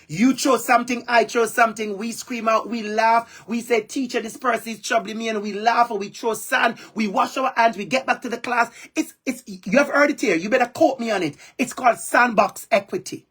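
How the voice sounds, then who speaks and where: A man with a Jamaican accent gives a passionate keynote by video call, hammering home points by repeating phrases. He speaks at a moderate pace with few pauses, in a very high, fairly bright voice with a breathy edge.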